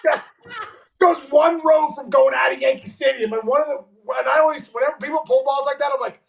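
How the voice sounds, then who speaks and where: A man guest telling an animated, profane baseball story, stammering and restarting as he gets excited. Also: very high voice, fast talker, creaky, echoey room, shouting, distant mic. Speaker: guest, former ballplayer.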